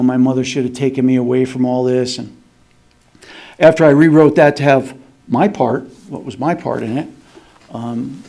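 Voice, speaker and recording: A middle-aged man speaks at a recovery meeting, his voice warm and mellow. He tells his story candidly and plainly, like a confession. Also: medium pitch.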